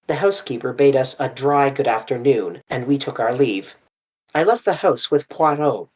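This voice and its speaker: An audiobook narrator reading a classic mystery novel in a measured, expressive way. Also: medium pitch.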